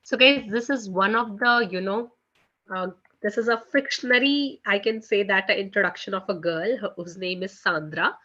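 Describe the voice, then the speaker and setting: A woman teaches a live online French class, her voice bright and forward. She chats loosely and leans on "you know" and "guys". The call audio sounds dull and lo-fi. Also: medium pitch, normal speed.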